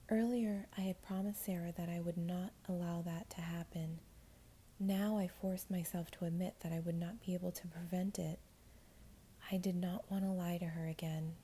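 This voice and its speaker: A woman narrating a story in a hushed, whispered, measured way. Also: on the low side, little pitch movement, slight background noise.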